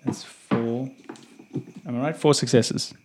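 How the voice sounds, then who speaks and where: A woman playing a tabletop role-playing game, describing her character's moves in a playful, animated way and laughing often. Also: very deep voice, takes it slowly, music in the background. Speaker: player.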